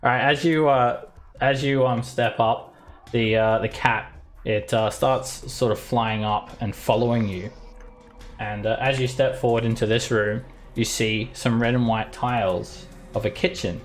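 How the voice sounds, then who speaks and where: Halting man running a tabletop game. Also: medium pitch, steady tone, soft background music. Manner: halting, many fillers. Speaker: dungeon master.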